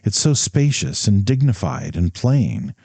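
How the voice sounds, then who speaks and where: A man voicing a cheerful, gently mocking young woman in a storybook reading. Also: lowish voice, big pitch swings, measured pace, breathy edge, no room sound, heavily acted. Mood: admiring. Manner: light, amused, gently mocking.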